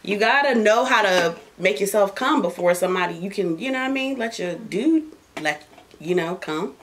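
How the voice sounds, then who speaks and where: A woman's voice: mid-range voice, animated, moderate pace. A woman hosting a casual podcast while smoking, talking bluntly and profanely, joking, with laughs and coughs. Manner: laughs and coughs between lines. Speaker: podcast host.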